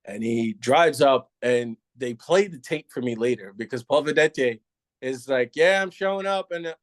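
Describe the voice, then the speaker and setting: A retired New York City policeman in middle age shares an open, lively story at a normal speed and medium pitch, with no echo. He laughs frequently and plays out what others said.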